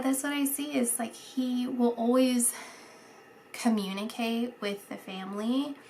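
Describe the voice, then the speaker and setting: A woman giving a casual psychic reading, halting and searching for words, dropping to a whisper at times. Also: a little high, slight background noise. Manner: soft, dreamy, drops to a whisper at times. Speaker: psychic reader.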